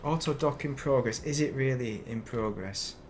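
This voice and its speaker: British male streamer, grumbly casual commentary, middle pitch, noisy background. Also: normal speed. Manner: grumbling, muttering and swearing at the game. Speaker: game streamer.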